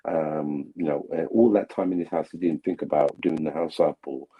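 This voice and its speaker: A man's voice: fairly even intonation, normal speed, breathy edge, narrow, tinny audio. A man hosting a live stream, chatting casually and rambling with many fillers. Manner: rambling, filler-heavy, mimics relatives in a loud high voice.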